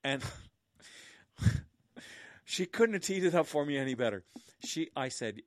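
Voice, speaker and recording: A man's voice: on the high side, lively intonation, a little slow, long pauses, no echo, studio quality. A middle-aged man telling stories in a casual monologue, with a sardonic, mocking tone and chuckling asides.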